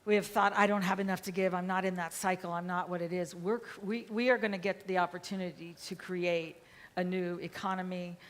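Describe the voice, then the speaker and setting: A woman minister delivers a sermon in a fairly low voice. She speaks softly and reflectively, at times almost whispering. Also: little pitch movement, a little fast.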